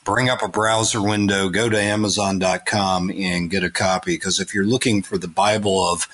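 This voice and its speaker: A man's voice: low voice, steady tone, moderate pace, fairly bright tone, poor audio. A man from Florida hosting an interview, asking conversational, leading questions. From Melbourne, Florida. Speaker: podcast host.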